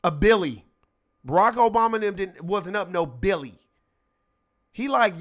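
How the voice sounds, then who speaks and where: A man's voice: high voice, animated, moderate pace, long pauses. A man hosting his own show, giving a heated, profane political rant and mocking people by acting out their lines. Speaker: show host.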